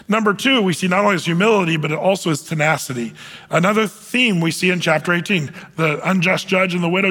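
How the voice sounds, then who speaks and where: A man's voice: on the high side, fairly bright tone, slightly rough, big-room sound. A male pastor preaching a conversational sermon and reading scripture aloud, with frequent fillers and restarts.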